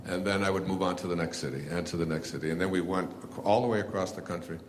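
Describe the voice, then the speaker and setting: An older man with a very low voice tells a loose, meandering story to a live audience, stopping and restarting often. A faint hum of ambience sits under him. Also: fast. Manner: rambling, many fillers and restarts. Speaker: author and speaker.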